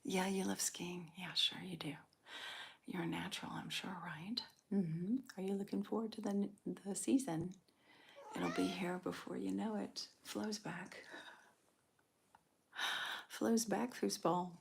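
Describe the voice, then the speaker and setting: A woman hosting a live ASMR stream, chatting with viewers in a soft, calm whisper with small laughs. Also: mid-range voice, measured pace, creaky, a little hiss or hum. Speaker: ASMR livestream host.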